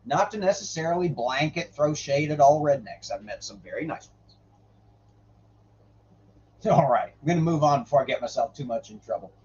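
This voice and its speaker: A man hosting a stream who swears freely while joking about scripture, then reads the old verses slowly and deliberately. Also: a little high, lively intonation, darkish tone, muffled recording, slight background noise. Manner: irreverent, swears freely, jokes between readings. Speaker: host reading the Bible on a livestream. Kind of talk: casual commentary and scripture reading.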